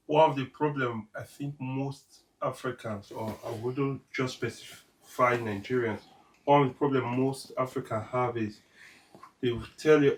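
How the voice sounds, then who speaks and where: A man giving measured, hesitant answers in an interview. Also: mid-range voice, distant mic, low-quality recording. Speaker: guest's husband. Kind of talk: interview talk.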